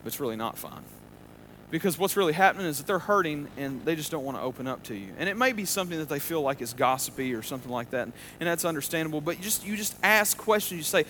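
A man's voice: on the high side, animated, fast, a bit bright, a little hiss or hum. Man preaching a casual, rambling sermon. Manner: conversational, with many restarts and fillers. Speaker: pastor.

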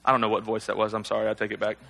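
A man's voice: on the low side, monotone, racing, creaky, pushed and bright, slight background noise. A male pastor giving a sermon in a conversational, self-deprecating way, full of rhetorical questions to the congregation.

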